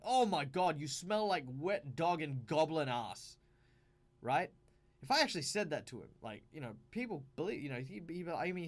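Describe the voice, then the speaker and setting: An Australian man hosting a tabletop game advice video, talking casually and emphatically with lots of fillers and restarts. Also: medium pitch.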